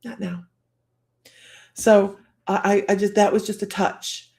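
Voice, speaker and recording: A woman hosts a psychic live stream, speaking at a normal speed in a mid-range, somewhat mellow, monotone voice. Her personal story is chatty and rambling, with frequent laughs, and she often restarts or lets sentences trail off.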